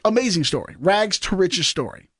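A man's voice: sits high, expressive, normal speed, fairly bright tone, slightly rough, no echo, studio quality. A man from Virginia co-hosting a podcast, joking and teasing as he rambles through a story. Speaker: podcast co-host. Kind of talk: casual banter.

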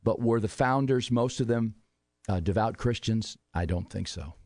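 A man appearing as a history guest on a radio talk show, explaining in a measured way and posing rhetorical questions. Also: fairly low pitch, darkish tone, no echo, clean studio sound. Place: radio studio.

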